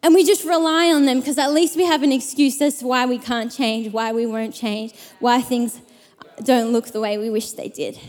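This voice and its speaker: Young woman preacher, high voice, chatty storytelling sermon in a big reverberant room. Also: normal speed. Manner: lively storytelling with many fillers. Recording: long hall reverb.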